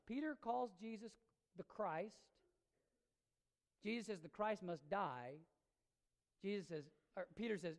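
Lively, gravelly woman preaching in a church hall. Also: mid-range voice, unhurried, pauses often. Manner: emphatic, conversational preaching. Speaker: pastor. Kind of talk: sermon. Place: church sanctuary. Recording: long reverb of a church hall.

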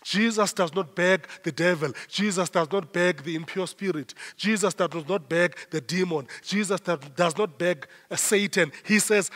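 High-voiced South African preacher, echoing. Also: male voice, moderate pace, hardly any pauses, fairly bright tone. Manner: emphatic, repeats phrases in rising waves. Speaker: pastor. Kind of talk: sermon. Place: church. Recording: long church hall reverb.

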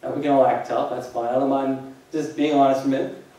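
A man's voice: mid-range voice, level tone, fast, mellow. Male pastor, conversational jokey sermon, heard from a distance in a big echoey room. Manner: conversational, jokey preaching with rhetorical questions to the congregation. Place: church hall. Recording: echoey hall, distant mic.

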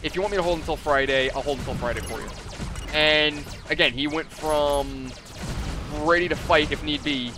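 A man's voice: a little high, normal speed, over music. A man hosting a gaming video, chatting casually and swearing freely as he tells a story and acts out the customers. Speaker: gaming channel host. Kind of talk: casual story-telling over gameplay.

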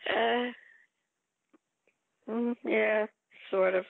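An older actress with a slightly high, gravelly voice speaks very slowly as a guest in a reminiscing interview. She's a chatty storyteller, spinning tales of her film career with lively quoted asides. There's no room sound, though the line is tinny and phone-like.

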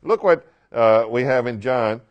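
A Bible teacher leads a class through the reading, animated and conversational, constantly quizzing his listeners and acting out the quoted lines. His voice is mid-range and a little slow, and the audio sounds dull.

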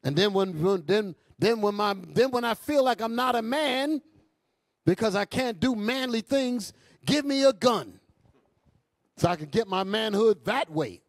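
Impassioned preacher, fiery sermon delivery. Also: male voice, animated, a little slow, long pauses, dry recording. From New York. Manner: impassioned, swings between high bursts and low asides; calls out to the congregation. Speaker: bishop and preacher. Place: church hall.

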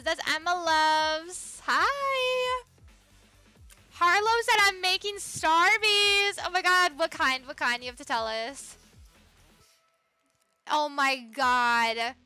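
A young woman with a high, bright voice chats through a live gaming stream, bubbly and quick to greet viewers by name. Her delivery jumps from excited squeals down to soft murmurs. Faint music plays underneath. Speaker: livestreamer.

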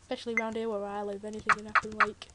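A woman's voice: medium pitch, monotone, racing. A teenage girl with a British accent, giving chatty, jokey commentary while playing a video game, full of rambling asides. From Britain. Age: teens. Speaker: Let's Play gamer. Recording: loud keyboard typing noise. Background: loud keyboard clicks and typing.

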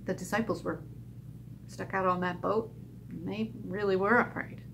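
A woman teaching a children's Bible lesson at a church, telling the story in an animated voice and acting out the characters' lines. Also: moderate pace, creaky, noisy background. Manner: animated, acts out characters' lines with big pitch jumps.

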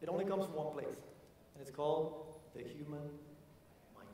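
Guy, motivational keynote, pretty high voice, super echoey big hall, sounds far from the mic. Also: normal speed, slight background noise. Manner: energetic, repeats phrases, asks the audience questions. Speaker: keynote speaker. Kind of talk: motivational conference talk. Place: large conference hall.

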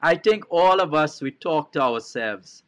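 A man's voice: fairly high pitch, lively intonation, measured pace, fairly bright tone. A man with a Trinidadian accent preaching a televised sermon as a bishop, repeating key phrases and putting questions to his listeners.

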